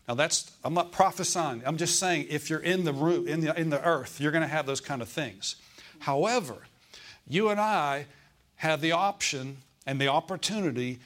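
A middle-aged man with a fairly high, slightly bright voice preaches a sermon. He repeats phrases for emphasis and asks his listeners for amens.

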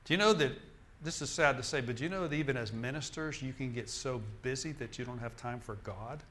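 A man's voice: medium pitch, fairly quick, fairly bright tone, slight background noise. A male minister preaching a sermon in an emphatic, repetitive style, often restarting his phrases.

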